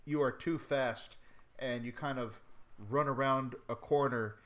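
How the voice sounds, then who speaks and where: A man's voice: medium pitch, fairly even intonation, measured pace, a bit bright, slight background noise. A man running a tabletop game as game master, asking players questions and often restarting his phrases. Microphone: home mic on a live stream.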